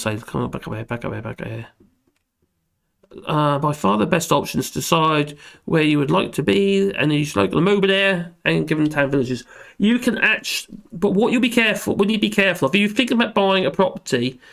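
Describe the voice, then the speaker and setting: A hoarse man rambling and joking through a casual livestream chat, reading out comments. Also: fairly high pitch, fairly bright tone. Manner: rambling, self-deprecating, laughs often. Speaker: livestream host.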